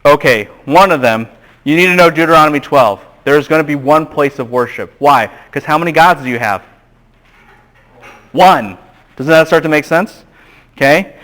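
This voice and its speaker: A man lecturing to a class with a somewhat high voice. He talks in an animated, emphatic way and keeps quizzing the room with fill-in-the-blank questions. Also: rough recording. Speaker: seminary lecturer.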